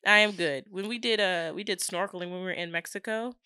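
A young woman, a podcast co-host, telling an animated story in casual chat and acting out the people in it. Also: mid-range voice, fast talker, clean tone, no room sound, studio quality.

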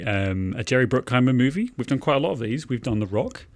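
A man's voice: mid-range voice, sing-song, fast talker, dry recording. A man co-hosting a casual movie podcast, joking and teasing his co-host and laughing often. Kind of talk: casual chat.

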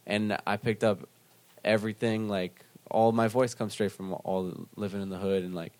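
A man's voice: on the low side, fairly even intonation, normal speed, a little mellow, no room sound. A man from Pennsylvania and Brooklyn co-hosting a casual chat, telling rambling stories full of fillers and swearing. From Pennsylvania and Brooklyn, USA. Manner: loose storyteller, filler-heavy, swears.

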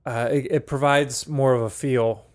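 A man chatting casually as a podcast co-host. His voice is mid-pitched, and he pauses and restarts often. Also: fairly even intonation. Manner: hesitant, with many fillers and restarts. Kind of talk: casual chat.

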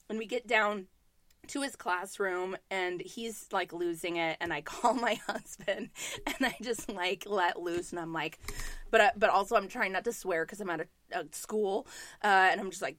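A woman in her thirties from New York, telling a story in casual chat, tense and quick to swear as she acts out the people in it. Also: mid-range voice, a bit bright.

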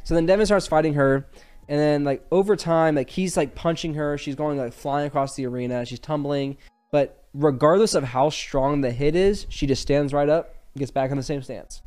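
Casting: young male podcast host, rambling and filler-heavy, slightly higher voice. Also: moderate pace, darkish tone, faint music behind. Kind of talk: casual chat.

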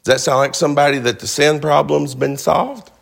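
A man's voice: on the high side, steady tone, a little fast, gravelly. Emphatic male preacher. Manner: emphatic, asks the audience rhetorical questions. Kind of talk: sermon.

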